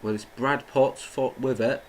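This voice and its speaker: A man's voice: mid-range voice, fairly even intonation, unhurried, a little hiss or hum, low-quality recording. A young man doing live football watchalong commentary, chatting with viewers and getting indignant at the play. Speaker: watchalong streamer. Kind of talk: live match commentary and chat.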